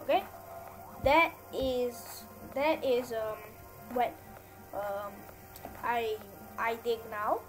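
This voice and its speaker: A woman's voice: fairly high pitch, very slow, long pauses, soft background music. A woman hosting a gaming channel, giving casual gameplay commentary in a rambling, repetitive way as she lectures viewers.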